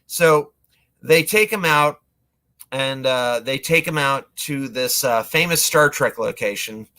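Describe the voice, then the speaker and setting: A man's voice: medium pitch, takes it slowly, bright, forceful tone. A man retelling a movie plot casually, rambling with lots of fillers and acting out lines. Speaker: movie reviewer.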